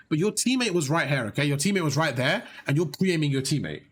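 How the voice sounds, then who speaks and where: A man's voice: a little high, expressive, fast, few pauses, slightly rough. A man coaching a player through gameplay, encouraging and explaining things step by step, often repeating himself. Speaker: gaming coach. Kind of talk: live coaching over gameplay.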